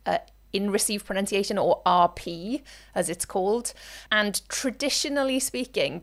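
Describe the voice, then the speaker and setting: She is a woman from the UK who explains language like a seasoned linguist. Her lowish voice carries a strong vocal fry, and she builds her points patiently, often repeating words for weight. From United Kingdom. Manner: expert, measured, with repetitions for emphasis. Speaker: linguist guest. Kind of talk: explanatory podcast talk.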